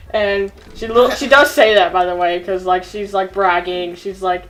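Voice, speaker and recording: A woman's voice: medium pitch, steady tone, moderate pace, fairly bright tone, poor audio. A young woman casually telling an improvised silly story, giggling and using lots of fillers. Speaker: co-host storyteller.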